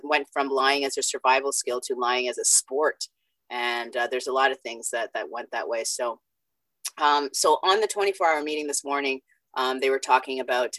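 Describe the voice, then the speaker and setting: A woman's voice: extremely low pitch, fairly bright tone, no echo, low-quality recording. A woman sharing her story at a recovery meeting over a video call, candid, profane and self-mocking. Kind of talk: personal share at a recovery meeting.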